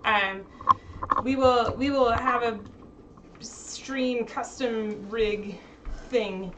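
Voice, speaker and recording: A woman's voice: fairly high pitch, very slow, a bit bright, lo-fi sound, a little hiss or hum. Chatty woman hosting a stream at home. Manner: chatty, laughing, talking to chat while fixing tech. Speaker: streamer host. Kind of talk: casual live-stream chat.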